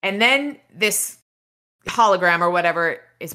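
A woman's voice: mid-range voice, expressive, measured pace, pushed and bright. A woman podcast host casually retelling a novel's chapters, rambling with fillers and restarts. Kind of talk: casual book recap.

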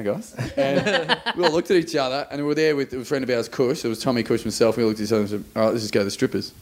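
Aussie guy rattling off a story super quick, animated, casual podcast chat. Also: medium pitch. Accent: Australian. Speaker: guest comedian.

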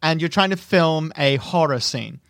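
High-voiced man, dry sound. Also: expressive, moderate pace, creaky, a bit bright, no echo. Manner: incredulous, jokey, acts out characters in asides. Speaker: podcast co-host. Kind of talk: casual film discussion.

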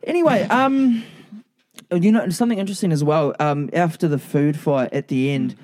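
A man's voice: a little high, moderate pace, darkish tone. A man with a New Zealand accent co-hosting a casual podcast chat, joking, swearing freely and laughing often. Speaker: podcast co-host. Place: flat, indoors.

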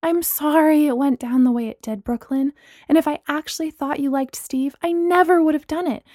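Earnest, apologetic young woman, voiced by a woman narrator, higher pitch. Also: moderate pace, warm tone, dry recording, studio quality, close to an everyday voice. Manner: earnest, pleading.

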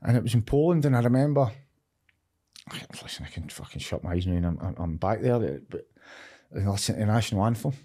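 Lively in intonation and quick in pace, this middle-aged man's lowish voice is mellow with a breathy edge. He's a Glaswegian from Scotland chatting openly on a podcast, cursing freely and repeatedly asking "you know what I mean."

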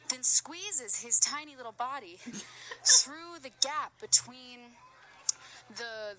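A young woman casually telling a travel story outdoors, chatty and animated, slipping in halting French phrases. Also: high-pitched, slight background noise, low-quality recording. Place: outdoors at a busy landmark.

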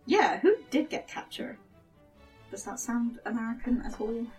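British woman giggling between takes, bouncy pitch, sounds a bit far off the mic. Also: expressive, normal speed, darkish tone, soft background music. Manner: giggly, playful. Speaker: podcast voice actor. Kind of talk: casual chat between takes.

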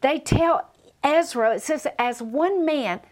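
A woman's voice: high voice, takes it slowly. A woman with a Southern US accent, a guest on a Christian talk show, speaking in a gracious, eloquent, preacherly way.

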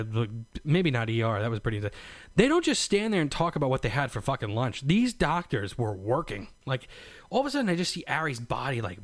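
A man's voice: medium pitch, no echo. Rambling, swearing young man, dry sound. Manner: rambling, profane, lots of fillers. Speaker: new father telling his birth story. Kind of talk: casual storytelling vlog.

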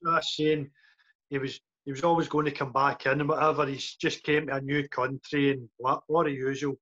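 A man's voice: medium pitch, level tone, a little fast, pushed and bright. A man in casual football chat, laid-back and dismissive. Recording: muffled lo-fi audio.

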